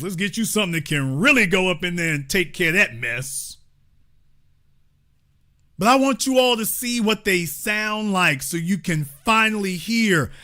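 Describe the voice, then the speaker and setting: Male call-in host, high and lively voice, bright edge; emphatic, mocking, repeats lines for punch. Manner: emphatic, mocking, preacher-like repetition. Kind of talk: live call-in show commentary.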